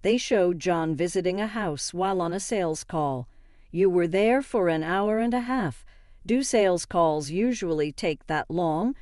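A composed young wife with a cool, cutting way of speaking, read by a woman narrating a story. The voice is low and mellow, and the recording is dry and close. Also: a little slow, dry recording, natural voice.

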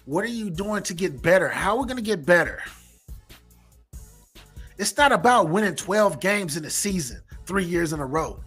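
A man's voice: high-pitched, expressive, normal speed, a bit bright, husky, soft background music. A middle-aged man hosting a sports reaction channel, ranting emphatically, repeating himself and swearing. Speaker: sports commentary host.

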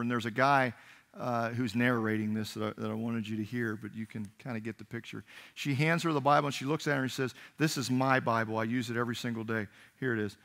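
A man pastor delivering a sermon, telling a story earnestly with halting restarts. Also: medium pitch, a bit bright. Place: church sanctuary.

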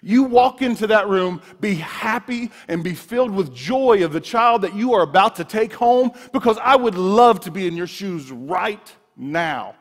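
A man's voice: sits high, unhurried, few pauses. Man preaching in a reverberant hall. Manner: personal storytelling, animated, many restarts. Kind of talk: sermon. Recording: long reverb of a large room.

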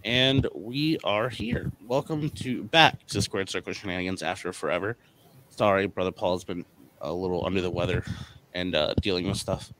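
A man's voice: low-pitched, moderate pace, fairly bright tone, slight background noise, rough recording. A man hosting a casual podcast who rambles and stumbles, with many fillers. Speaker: podcast host.

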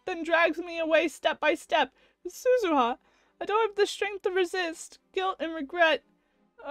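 A woman's voice: very high-pitched, dry recording, voice pushed up. A woman voicing a guilt-stricken young male scientist, narrating with anguish as she reads a visual novel aloud. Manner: anguished first-person narration.

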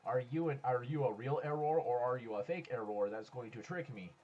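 A man doing casual let's-play commentary, excitable, swearing and talking to other players, swinging from low mutters to sudden yells. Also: fairly quick, narrow, tinny audio. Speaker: gaming YouTuber. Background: faint background music.

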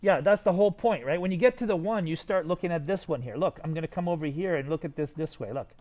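A man's voice: fairly high pitch, fast, darkish tone, muffled recording. A man teaching a design class and reviewing student sketches, enthusiastic and always checking in with his students. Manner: enthusiastic, talks to students directly with many "right?" checks.

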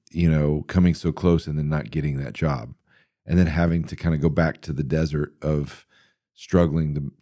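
A middle-aged man hosting a podcast, telling stories in a rambling, animated way with many fillers. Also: very deep voice, no room sound, clean studio sound. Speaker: podcast host answering listener questions. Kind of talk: casual interview talk.

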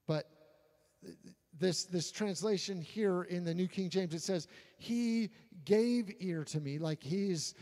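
A man preaching a sermon in a casual, halting way, often repeating words as he gathers his thoughts. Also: on the high side, darkish tone, in a large hall. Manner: conversational, halting with frequent repeats. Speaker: pastor.

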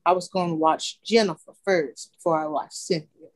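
A young adult woman co-hosting a casual podcast chat, telling lively stories about her child. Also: lowish voice, normal speed, no echo. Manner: animated storyteller who acts out her child's voice. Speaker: podcast co-host.

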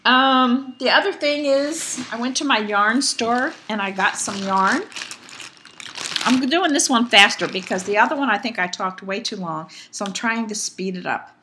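A woman's voice: a little high, moderate pace, bright, forceful tone, slight background noise. A woman chatting casually on her knitting vlog, rambling with many fillers and restarts as she shows her projects at home. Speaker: knitting vlogger. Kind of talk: casual chat.

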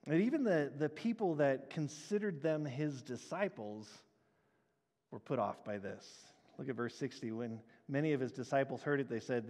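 A man preaching a sermon as a pastor, animated and acting out the crowd's reactions. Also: mid-range voice, normal speed, in a large hall. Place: church sanctuary.

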